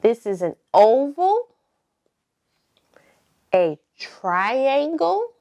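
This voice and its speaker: Slow, lilting preschool teacher woman. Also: high voice, big pitch swings, dark tone. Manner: slow, drawn-out prompting with call-and-response pauses; sing-song, encouraging. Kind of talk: circle time lesson for toddlers.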